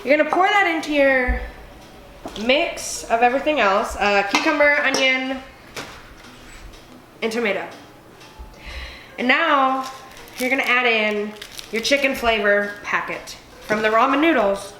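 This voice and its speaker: A woman's voice: sits high, measured pace, long pauses, background noise. A tipsy woman hosting a casual cooking vlog, rambling and swearing freely as she chops. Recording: echoey room with music behind.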